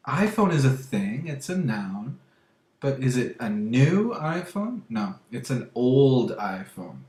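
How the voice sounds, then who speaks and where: Slow-talking male English teacher. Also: mid-range voice. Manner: slow and deliberate, checks understanding with "okay?". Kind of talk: grammar lesson for learners. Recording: echoey room.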